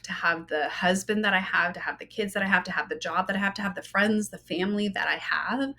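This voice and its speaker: A woman in her thirties hosts a podcast and tells a personal story in a loose, chatty monologue. Her voice is bright and forward, at a middle pitch for a woman. She keeps dropping in "like" and "you know" as she talks. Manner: animated and chatty, many "like" and "you know" asides. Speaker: podcast host.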